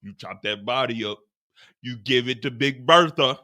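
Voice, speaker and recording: A man hosting a live TV after-show, ranting in an animated, profane way. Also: mid-range voice, moderate pace. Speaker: host.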